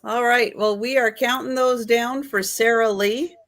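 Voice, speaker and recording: Slow, higher-voiced woman auctioneer. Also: steady tone, fairly bright tone. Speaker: auctioneer host of live sale. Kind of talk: casual live auction hosting.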